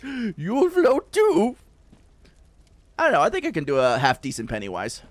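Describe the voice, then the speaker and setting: A man voicing a sinister, taunting monster clown in a high, drawn-out, sing-song voice. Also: huge pitch swings. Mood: creepy taunting.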